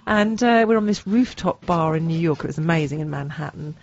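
A woman's voice: deep voice, fairly quick, a little mellow, highs cut off, a little hiss or hum. A woman co-hosting a radio show, telling stories with playful mimicry. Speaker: radio co-host. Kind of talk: casual radio chat.

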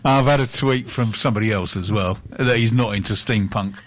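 A man hosting a radio show, bantering casually in the studio and reading out listener shout-outs, stumbling and laughing at himself easily. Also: on the low side, brisk. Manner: chatty, self-mocking, stumbles and laughs easily.

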